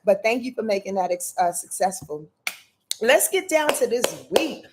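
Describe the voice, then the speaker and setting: Lively, effusive woman livestreaming. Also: mid-range voice, measured pace, background noise. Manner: effusive, greets viewers by name, laughs often. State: tired. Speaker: astrologer hosting a livestream. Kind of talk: casual livestream chat.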